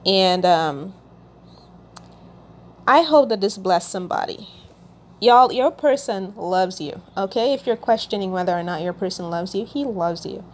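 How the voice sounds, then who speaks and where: A woman's voice: mid-range voice, animated, a little slow. A woman hosting a casual Christian video, reading out song lyrics and explaining them, checking in often with "okay?". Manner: warm, checks in with "okay?", reads lyrics aloud.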